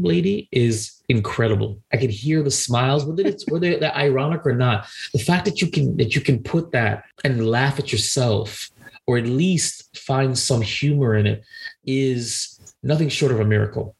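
A man's voice: medium pitch, gravelly. A man co-hosting an advice podcast, talking in an earnest, encouraging and emphatic way. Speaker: podcast co-host giving advice. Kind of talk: casual advice chat.

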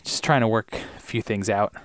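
A man's voice: on the low side, steady tone, moderate pace, fairly bright tone, dry recording, studio quality, natural voice. A man reading a brooding young doctor. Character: troubled young male doctor, guarded and grim. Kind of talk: read-through of a TV scene.

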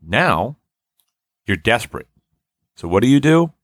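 Animated man spinning a rambling bit. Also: mid-range voice, unhurried, no echo, studio quality. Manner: rambling storyteller, acts out quoted lines. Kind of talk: casual comedic chat.

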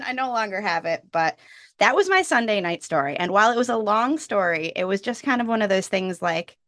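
A woman in her thirties, a podcast guest, telling a casual story with lively jumps in pitch when she quotes people. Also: vocal fry, dry recording, clean studio sound.

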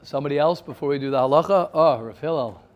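A man's voice: a little high, quick pace, muffled recording. A man, teaching an informal Torah class in an earnest, emphatic way, repeating his points.

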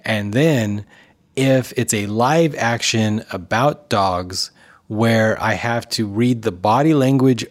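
A man co-hosting a casual chat show, giving blunt, opinionated takes in a plain talking voice. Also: on the low side.

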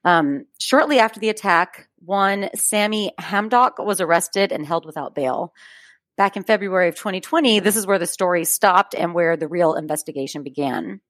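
Reading from her notes on a podcast she co-hosts, a woman recounts a true-crime case with frequent laughter and conversational tangents. Her voice sits lowish and a bit bright, she talks at a normal speed, and the audio carries no room sound.

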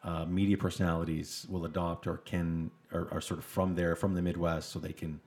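Very low-voiced Canadian man chatting. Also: flat delivery, fairly quick, a little mellow. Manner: easygoing, trails off searching for words. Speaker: podcast co-host. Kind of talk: casual chat.

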